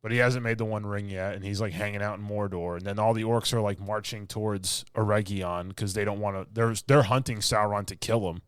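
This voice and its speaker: A man's voice: on the low side, steady tone, fairly quick, few pauses, smooth, no room sound, clean studio sound. A man co-hosting a podcast, ranting in casual chat with mocking mimicry and blunt complaints. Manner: ranting, exasperated, mocking quotes. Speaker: podcast co-host.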